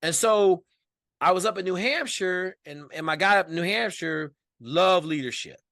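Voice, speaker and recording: A man as a podcast guest, telling stories in a colloquial, emphatic, animated way. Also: high voice, normal speed, no room sound, studio quality. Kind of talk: casual storytelling interview.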